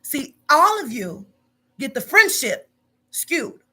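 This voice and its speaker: A woman's voice: high-pitched, sing-song, slow, sharp tone. A woman in her forties, a business owner, scolding bluntly and profanely in a heated phone argument. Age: 40s.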